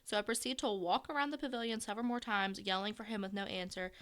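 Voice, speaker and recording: A woman reads a listener's story on a chatty podcast. Her voice is bright and clear, with a smooth, crisp tone. She keeps her delivery blunt and a little profane. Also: mid-range voice, quick pace. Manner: bantering, profane, dry jokes. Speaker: podcast co-host. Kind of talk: casual chat, reading a listener story aloud.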